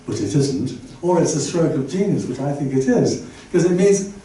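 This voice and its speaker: A man's voice: a little high, big pitch swings, moderate pace, dark tone. An older man giving a chatty, digressive public talk to an audience, full of asides and fillers. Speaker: guest lecturer. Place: lecture room with an audience. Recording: very echoey room, voice from far off, faint background noise.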